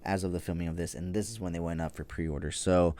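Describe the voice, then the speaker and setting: A man's voice: sits low, steady tone, quick pace, warm tone. A man hosting a toy news podcast, chatting casually and rambling with frequent fillers and casual swearing. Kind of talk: casual solo podcast chat.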